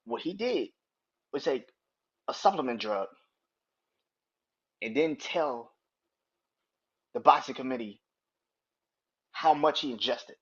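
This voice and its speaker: A man's voice: medium pitch, expressive, takes it slowly, pauses often, breathy edge. A man hosting a solo sports podcast, ranting in a heated, profane, emphatic way. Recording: dull lo-fi recording.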